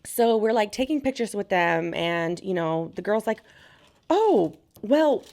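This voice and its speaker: A young woman vlogger telling a casual storytime while unboxing makeup, animated and chatty, acting out what others said. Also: medium pitch, normal speed. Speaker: beauty vlogger.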